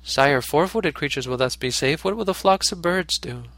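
A man voicing a noble, selfless male deer king in a storybook reading, speaking in a calm, gentle, pleading way. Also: fairly high pitch, normal speed, no echo.

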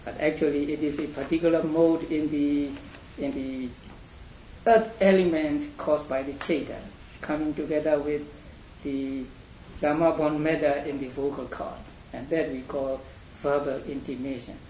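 A man teaching a class in a lecture, speaking haltingly with many fillers and repeated words. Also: on the high side, flat delivery, a little mellow. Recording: echoey room, faint hum.

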